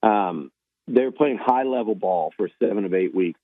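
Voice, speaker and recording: A man's voice: lowish voice, animated, normal speed, no echo. A man giving casual sports analysis. He rambles, restarting and repeating himself as he works through his points. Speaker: baseball analyst. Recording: tinny phone-line sound.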